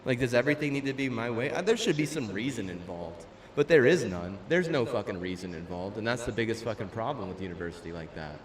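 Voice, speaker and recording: A man's voice: lowish voice, expressive, fast talker, hardly any pauses. A young man ranting casually and profanely while streaming a game, full of fillers and restarts. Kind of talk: casual rant while gaming. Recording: roomy, distant mic with faint room noise.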